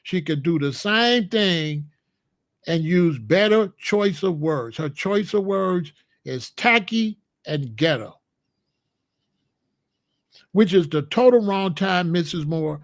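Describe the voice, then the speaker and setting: High-pitched guy going off on a rant to the chat, blunt and preachy, dry mic. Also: lively intonation, slow pace, dry recording. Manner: blunt, emphatic and scolding. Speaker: commentator. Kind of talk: opinionated monologue to a live chat.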